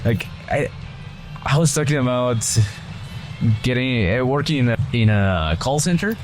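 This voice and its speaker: This is a young man with a foreign accent chatting over a game at a medium pitch. He rambles, restarts his sentences and wanders off on tangents, with the loose feel of a relaxed gaming video. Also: measured pace, faint music behind. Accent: non-native English, foreign accent. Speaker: gaming channel co-host. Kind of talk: casual gameplay commentary.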